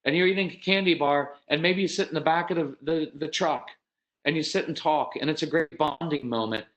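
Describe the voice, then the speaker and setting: A man with a drawl talks parents through calmer habits in a seminar. His voice sits fairly high, and he speaks in a folksy, earnest way, addressing fathers head-on. When he voices other parents, his pitch jumps sharply. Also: fairly quick. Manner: animated, acts out quoted parents with sudden pitch jumps.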